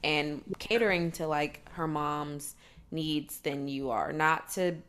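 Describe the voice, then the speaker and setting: Woman co-host, slightly low voice, chatty, acts out quick quoted lines, casual talk. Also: fairly bright tone. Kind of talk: casual chat about reality TV.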